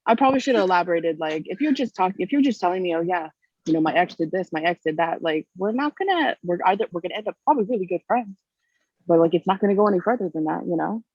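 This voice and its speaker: A woman's voice: fairly low pitch, lively intonation, fast talker, darkish tone. A woman guest speaking bluntly, her thoughts winding through filler words. The sound is dull and lo-fi, and dry with no room echo. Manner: rambling, frank, full of "like" and "you know". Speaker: podcast guest. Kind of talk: casual chat. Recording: muffled lo-fi sound.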